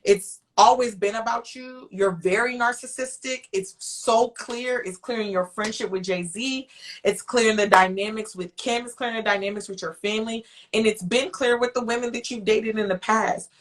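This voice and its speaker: A woman co-hosting a podcast, animated and opinionated in casual chat. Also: fairly high pitch, moderate pace. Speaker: podcast co-host.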